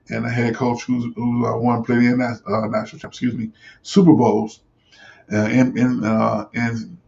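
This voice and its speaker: A man's voice: medium pitch, creaky, warm tone. A man hosting a sports talk show, giving casual, rambling commentary with many fillers and restarts. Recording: dull lo-fi recording.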